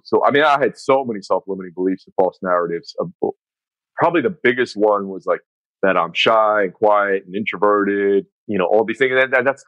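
A middle-aged man from the Northeastern United States speaks candidly as a coach and guest on a casual podcast, telling stories animatedly with lots of fillers. His voice is fairly low, and the recording is muffled with no room sound.

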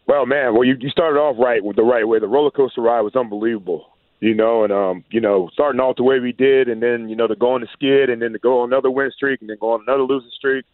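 Former player turned radio analyst, brisk and loose, tinny phone-line sound, dry. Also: male voice, mid-range voice, steady tone, no room sound. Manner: easygoing, repeats "man" and "you know". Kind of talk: casual sports chat.

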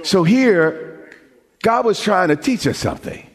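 A man preaching a sermon as pastor, with dramatic pauses, rising emphasis and questions thrown out to the congregation. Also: high-pitched, expressive. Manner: call-and-response questions to the congregation.

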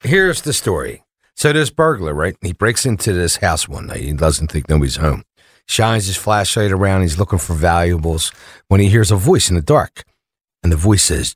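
Male radio co-host, low voice, jokey animated storyteller. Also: husky, no room sound, studio quality. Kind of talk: casual radio talk and joke telling. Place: radio studio.

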